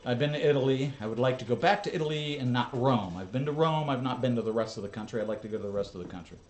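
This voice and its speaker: A mid-pitched American man hosting his own channel, keeping up a loose, rambling running commentary full of small asides. His voice is ordinary and unforced, with faint music playing underneath. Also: racing. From United States. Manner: chatty, rambling asides with laughs. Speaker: channel host. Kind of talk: casual reaction commentary.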